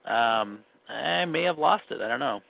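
A man's voice: medium pitch, lively intonation, measured pace, gravelly, no echo. Brief: man, faint Minnesotan accent, rambling anecdotal storyteller, phone-line sound. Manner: rambling, self-correcting storyteller. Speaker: guest recalling his life. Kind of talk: casual conversation. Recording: phone-like narrow band.

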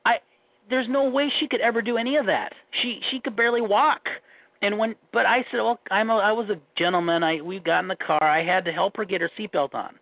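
A man's voice: sits high, fairly quick, vocal fry, no echo. Rambling Minnesota man on a tinny phone line. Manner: rambling storyteller, repeats himself, frequent restarts. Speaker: guest telling dating stories. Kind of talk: casual phone chat.

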